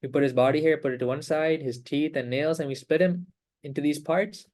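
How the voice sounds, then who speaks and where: A man leading an online meditation class over a video call, explaining calmly with repeated phrases and rhetorical questions. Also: fairly high pitch, fairly quick. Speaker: meditation teacher.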